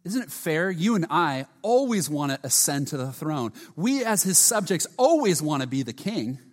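Earnest preacher in a reverberant hall. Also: male voice, on the high side, sing-song, moderate pace. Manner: earnest, often drops to a hushed voice; repeats words and restarts often. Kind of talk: sermon.

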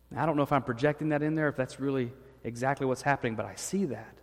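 A man's voice: medium pitch, rapid-fire, hardly any pauses. A man preaching a sermon in a loose, conversational way, often restarting phrases as he works through the text. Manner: conversational preaching with frequent restarts and dramatized paraphrases. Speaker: pastor. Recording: long hall reverb.

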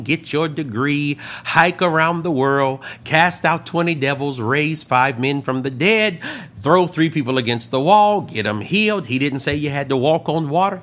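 A man preaches with a lively, swooping delivery, his fairly high voice rising in excitement and then sinking to a hush. He is a pastor giving a sermon. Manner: dramatic storytelling, acts out quoted voices, swings loud and hushed.

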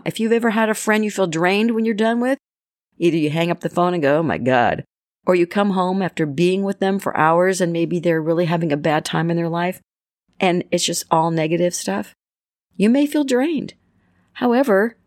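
A woman's voice: on the low side, no echo, clean studio sound. A middle-aged woman giving casual advice on friendship, chatty, often acting out little quoted exchanges. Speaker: self-help speaker. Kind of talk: casual advice talk to camera.

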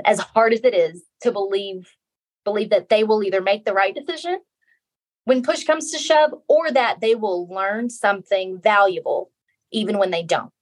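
A middle-aged woman, a guest author in a casual interview, talking earnestly and repeating phrases for emphasis. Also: medium pitch.

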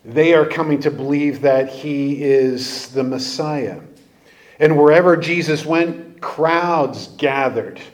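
A male pastor with a voice on the high side preaches slowly. His sermon is conversational and animated, full of rhetorical questions.

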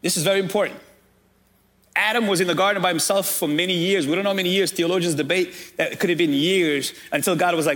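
A man's voice: high voice, fast talker, fairly bright tone. A man preaching a sermon as pastor, calling out directly to his congregation.

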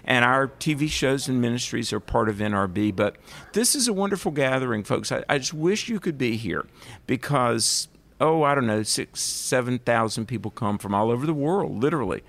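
A man's voice: mid-range voice, expressive, moderate pace, a bit bright. A man with a Southern US accent hosting a radio interview, chatty and enthusiastic with a rambling way of talking. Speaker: radio show host. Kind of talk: casual interview chat.

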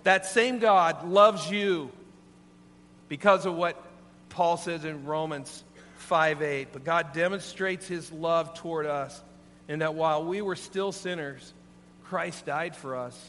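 A man voicing a calm, earnest former prisoner who now preaches. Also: on the high side, slow pace. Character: steady middle-aged male ex-convict preacher. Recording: long hall reverb, faint hum.

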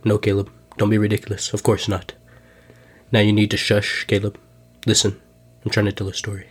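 A man's voice: lowish voice, completely flat delivery, brisk, slightly rough. A man doing a boastful, rambling older politician. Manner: boastful, rambling, repeats himself. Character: boastful older male ex-president, self-obsessed. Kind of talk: comedic impression sketch.

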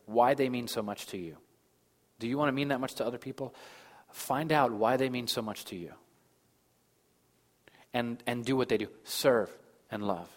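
A man in his thirties preaching a sermon as pastor, moving between loud emphasis and soft, hushed lines. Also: mid-range voice. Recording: long hall reverb.

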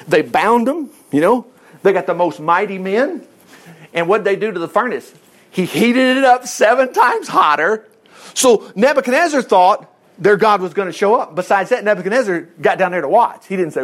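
A man's voice: sits high, sing-song, moderate pace. A man teaching a Bible chapter in a loose, rambling way, laughing often and acting out the quotes. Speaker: preacher.

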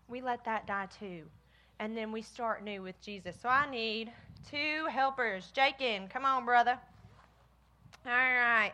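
A woman giving a lively children's sermon, talking straight to the kids. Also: a little high. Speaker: children's minister.

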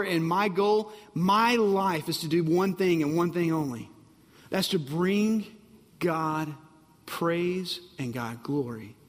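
A man's voice: a little high, takes it slowly, long reverb tail. A man preaching a sermon, emphatic and repetitive, often asking the congregation if they are ready. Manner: emphatic, repeats phrases, asks the audience if they're ready. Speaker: pastor.

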